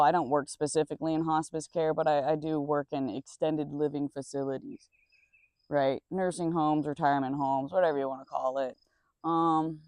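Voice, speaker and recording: A young adult rambles through a casual storytime outdoors, blunt and quick to swear. The voice sits at an ordinary middle pitch. The sound is dry and close, with crickets chirping behind. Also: a little mellow, no echo. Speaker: nursing assistant.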